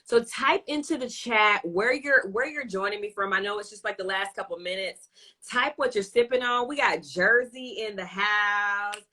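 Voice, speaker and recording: A woman hosting a casual live stream, playfully hyping up and shouting out her viewers. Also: mid-range voice, normal speed. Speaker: show host.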